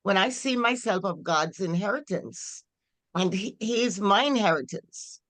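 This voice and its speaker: A woman sharing her thoughts with a study group on a video call, upbeat with pauses and fillers. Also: mid-range voice, lively intonation, fairly bright tone. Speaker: Bible study group member. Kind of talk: casual sharing.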